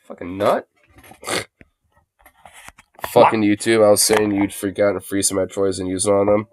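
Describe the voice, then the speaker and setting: A man's voice: fairly low pitch, little pitch movement, normal speed, a little mellow, a little hiss or hum. A man livestreaming from a phone, reacting in an exasperated, profane rant and laughing often. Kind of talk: live-stream reaction rant.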